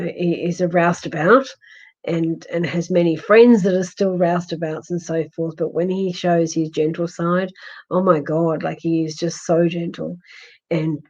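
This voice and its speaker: A woman with an Australian accent, a husky voice and a fading, hoarse throat, gently consoling a viewer in a live-stream psychic reading with many restarts. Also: on the low side, lo-fi sound. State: hoarse, losing her voice. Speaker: psychic medium.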